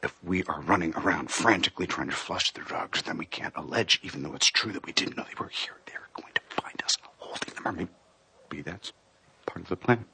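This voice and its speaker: A man's voice: deep voice, a little fast, creaky, pushed and bright, slight background noise, heavily acted. An actor playing a paranoid, fussy man who talks in a wordy, smug and precise way in a film scene. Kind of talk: film dialogue.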